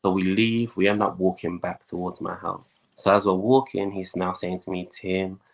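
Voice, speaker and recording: A young man, a guest, telling his life story in a lively way and acting out the voices of the people in it. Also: sits low, moderate pace, vocal fry. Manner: animated storyteller, acts out quoted voices.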